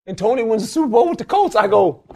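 Gravelly older man telling coaching stories. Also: big pitch swings, quick pace, warm tone. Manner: emphatic, laughs often, acts out quotes in a high voice. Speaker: former football coach, guest. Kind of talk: animated storytelling interview.

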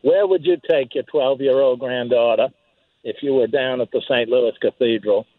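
An older man calling in to a radio show, telling a relaxed, chatty story. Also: medium pitch, normal speed, dry recording. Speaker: caller. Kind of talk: call-in radio chat. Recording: dry tinny phone line.

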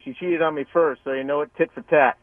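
A man's voice: a little high, steady tone, fast, no room sound. A man on a phone call with a radio show, defensive and taunting in a heated argument. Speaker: caller. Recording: tinny phone line.

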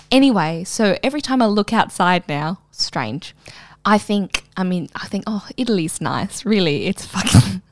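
A woman's voice: medium pitch, no echo. Woman, young, crude storyteller, laughs often, dry close sound. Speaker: podcast co-host. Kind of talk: casual chat.

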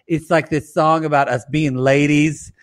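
A man co-hosting a podcast, chatting casually in a campy, animated way. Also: fairly high pitch, no room sound, studio quality. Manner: campy, animated, quick asides. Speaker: podcast co-host. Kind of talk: casual comedic recap chat.

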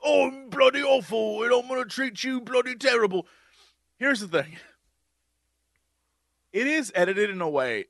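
Animated high-voiced man. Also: no room sound, studio quality. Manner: animated, acts out quotes in big voices. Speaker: podcast co-host. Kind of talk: casual chat.

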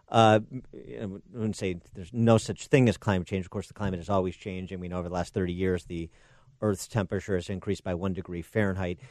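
A man's voice: sits low, steady tone, a little fast, darkish tone, no room sound. A man hosting a political talk radio show, delivering sarcastic and combative commentary into a studio microphone.

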